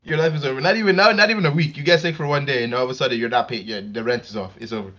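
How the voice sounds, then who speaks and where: A man co-hosting a podcast, teasing and boastful, ranting loudly in casual banter. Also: mid-range voice, racing, dull audio. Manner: teasing, boastful, animated rants. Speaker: podcast co-host.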